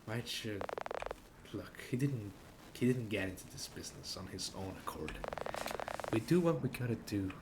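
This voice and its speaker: A man's voice: lowish voice, normal speed, pauses often, noisy background. A tipsy man giving rambling, self-mocking commentary while playing a story game, stumbling over his words. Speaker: gamer playing a narrative game. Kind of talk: casual gameplay commentary.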